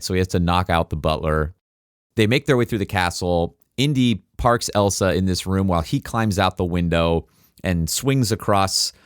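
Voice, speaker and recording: A man's voice: sits low, clear, resonant tone, no room sound, clean studio sound. A man co-hosting a podcast, recapping a film in casual chat and acting out its lines with laughs. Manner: animated storyteller, quotes and acts out scenes with laughter. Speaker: podcast co-host.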